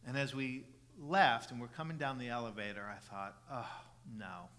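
A middle-aged man preaching a sermon as pastor, earnest, restarting phrases with repeated words and building from soft passages to loud emphatic ones. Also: medium pitch, moderate pace. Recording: long reverb of a large hall.

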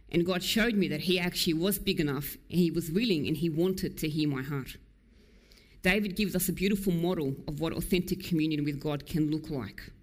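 In a church, a woman preaches a sermon with earnest emphasis, moving quickly in places and slowing down, dropping low, on the key lines.

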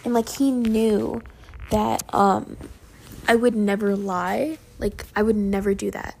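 A woman's voice: medium pitch, steady tone, slow pace, vocal fry, a little mellow, husky. A young woman telling a personal story in a casual, rambling way at home, full of "like" and "um".

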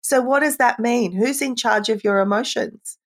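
Speaking warmly as a guest parenting expert, this middle-aged woman keeps the interview conversational, sprinkling in "you know" and soft laughter. She talks at a moderate pace in a voice on the high side.

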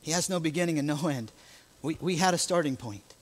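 A man's voice: on the high side, brisk. A male pastor with an American accent preaching a sermon, emphatic and full of rhetorical questions.

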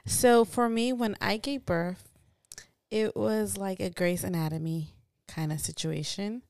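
A woman's voice: medium pitch, steady tone, measured pace, gravelly, darkish tone, no echo. A woman co-hosting a podcast in casual chat, talking in a laid-back, teasing way and swearing casually. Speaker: podcast co-host.

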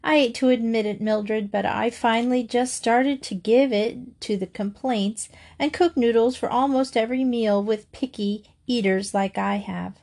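A woman's voice: on the high side, steady tone, normal speed, creaky, few pauses, darkish tone. A woman reading as a breezy storybook mom. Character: breezy, laughing mother of five. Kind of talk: storybook read-aloud.

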